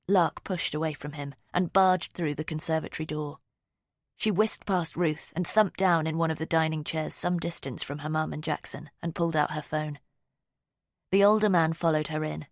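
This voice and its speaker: A woman reading a mystery audiobook in a steady, measured storytelling voice. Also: deep voice, gravelly, no echo, clean studio sound. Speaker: audiobook narrator. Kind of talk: scripted narration.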